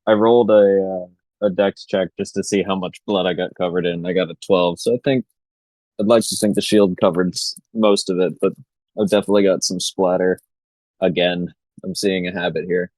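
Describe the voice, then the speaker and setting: A man playing a tabletop game, describing his character's moves and dice rolls with halting fillers. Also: sits low, steady tone, a little mellow, no echo, poor audio. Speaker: player. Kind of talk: casual tabletop game play.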